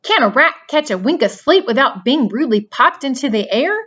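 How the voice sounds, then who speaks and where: A woman's voice: high-pitched, animated, a little fast, a bit bright, muffled recording, pitched above the performer's own voice. A woman reading a storybook aloud, voicing a sarcastic, self-pitying male rat who mocks and complains. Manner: mocking, whiny, complaining.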